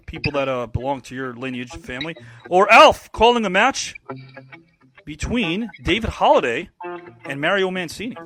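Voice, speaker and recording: A man's voice: high-pitched, fairly bright tone. A man hosting a casual online show, teasing his guests and reading out viewer comments. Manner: teasing, quick, reads viewer comments aloud. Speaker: podcast host. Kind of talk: casual chat, quiz-style banter.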